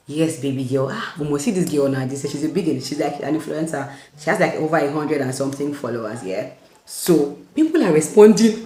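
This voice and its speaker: A young Nigerian woman with a Nigerian accent, chatting excitedly in a casual vlog to a phone camera, with pidgin-tinged phrasing. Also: low voice, a little fast, slight background noise. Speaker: vlogger and author. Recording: echoey room with faint background ambience.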